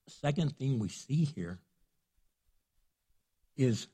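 A middle-aged man, a pastor, preaching a sermon in a husky voice, earnest and conversational, acting out prayers in between. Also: on the high side, unhurried, darkish tone. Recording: long hall reverb.

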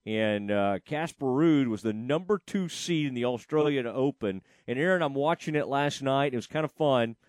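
A man's voice: medium pitch, moderate pace, few pauses, a little mellow, no room sound, clean studio sound. A man hosting a casual sports talk show, rambling with frequent fillers and restarts. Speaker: sports radio host.

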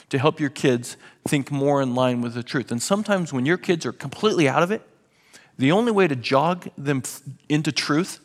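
A man preaching a sermon as pastor, emphatic and sarcastic, often restarting his words, in a church. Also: fairly high pitch. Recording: reverberant hall.

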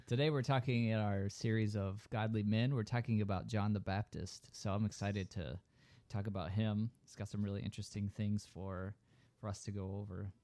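A man co-hosting a podcast, speaking in easygoing casual chat. His voice sits low and sounds mellow, recorded dry with little room sound. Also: fairly even intonation, normal speed, no room sound. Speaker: podcast co-host.

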